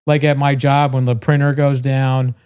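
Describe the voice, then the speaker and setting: A man's voice: medium pitch, level tone, moderate pace, a little mellow, clean tone. A man co-hosting a podcast, casually telling a long story, swearing freely and mimicking the people in it. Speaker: podcast co-host.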